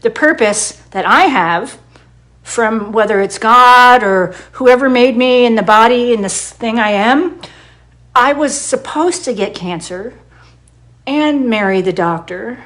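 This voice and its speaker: Middle-aged hairdresser lady ranting to camera, swears constantly, says things twice for emphasis, slightly high voice. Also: animated, takes it slowly, a bit bright. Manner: blunt and heavily profane, quoting herself in dialogue; emphatic, repeats herself for stress. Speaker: hairdresser and wellness advocate. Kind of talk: impassioned personal monologue to camera.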